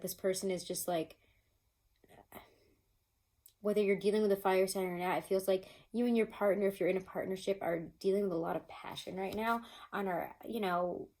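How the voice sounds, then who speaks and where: A woman talks through a tarot reading in a loose, rambling way, stopping to laugh and circling back on herself. Her voice sits at an ordinary middle pitch. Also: a little mellow, poor audio. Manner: chatty, rambling, laughs often. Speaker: tarot reader. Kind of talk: casual tarot reading to camera.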